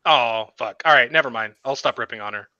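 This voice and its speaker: A man's voice: mid-range voice, a little fast, bright, forceful tone, dry recording. A man on a livestream, ribbing his friends with sarcastic, profane teasing. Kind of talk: casual livestream chat. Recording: dull lo-fi mic.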